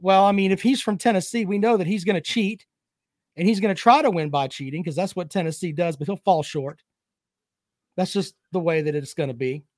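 A man's voice: high-pitched, a little mellow, no room sound, studio quality. A man hosting a casual sports chat show, reading viewer comments and joking with profanity and trash talk.

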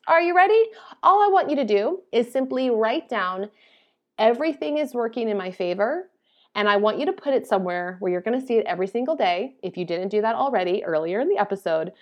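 A woman hosting her own podcast alone, chatty and upbeat in an easy, casual way. She sounds tired after too little sleep but keeps the energy up. She laughs at her own stumbles. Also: medium pitch. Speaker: podcast host. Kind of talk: casual solo podcast talk.

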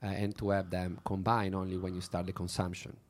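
A man's voice: sits low, level tone, fairly quick, slight background noise. A man with an Italian accent answering interview questions about his drink company, hesitant and full of fillers and restarts. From Italy.

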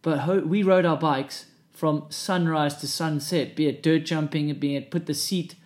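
A man's voice: a little high, fairly even intonation, moderate pace. A man with a South African accent, hosting a podcast and telling stories in casual chat with a lot of laughter. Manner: laughing, anecdotal storytelling. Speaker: podcast host.

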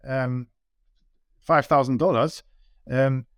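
A middle-aged man with a German accent, a business owner talking as a guest in a casual interview, halting and repeating words with many ums. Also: medium pitch, fairly even intonation, smooth, no echo, studio quality.

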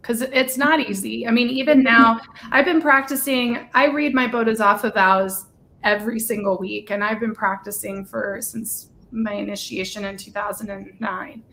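A woman's voice: fairly high pitch, fairly even intonation, normal speed, bright, forceful tone, a little hiss or hum. A woman co-hosting a casual livestream chat, gushing and talkative, with lots of "like". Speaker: livestream co-host.

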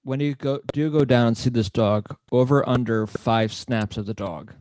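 A young man co-hosting a casual chat, teasing his friends with quick questions and quips. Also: medium pitch, a little mellow, dry recording. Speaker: podcast co-host.

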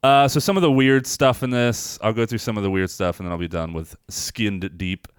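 A man's voice: fairly low pitch, fairly even intonation, normal speed, clean tone, no room sound, studio quality. A man co-hosting a film podcast in casual chat, rambling, swearing freely and animatedly retelling scenes. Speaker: podcast co-host reviewing films.

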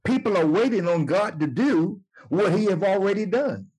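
A man preaching and teaching from the Bible, emphatic and slow to repeat scripture lines. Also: high voice, expressive, a little mellow, husky, poor audio. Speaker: apostle and preacher.

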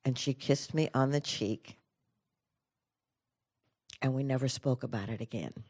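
Low-voiced woman telling a personal story. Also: measured pace, slightly rough. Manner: animated storyteller, drops to quiet low tones for emphasis. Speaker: inspirational speaker. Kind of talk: personal storytelling talk to an audience.

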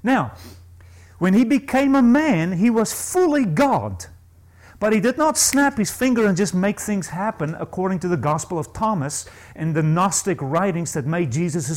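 A male preacher with a high voice that leaps up and down, delivering a sermon. He is emphatic and asks the congregation questions, dropping into low asides before climbing to ringing stresses. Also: very animated, moderate pace, darkish tone, low-quality recording.

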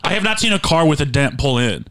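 A man's voice: a little high, big pitch swings, quick pace, background noise. A man co-hosting a podcast, riffing and joking in casual comedic banter into a studio microphone. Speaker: podcast co-host. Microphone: dry studio microphone.

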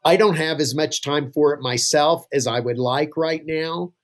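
Speaking at a normal speed in a fairly high voice, a male pastor shares anecdotes as a guest on a relaxed podcast. The interview is conversational, and he chuckles from time to time.

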